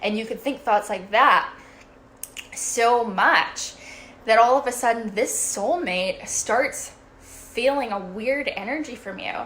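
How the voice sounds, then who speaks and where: A woman's voice: fairly high pitch, slow, fairly bright tone. Woman coach rambling through a motivational livestream, swears a lot, keeps saying right?, faint noise in the back. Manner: chatty, swears freely, keeps asking "right?". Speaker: life and manifestation coach. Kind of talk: casual motivational livestream talk.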